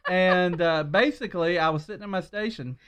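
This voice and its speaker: A man's voice: sits high, a little fast, noisy background. A man co-hosting a casual podcast, telling rambling, laid-back stories into a shared mic at home. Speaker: podcast co-host. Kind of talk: casual chat. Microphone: shared swivel mic.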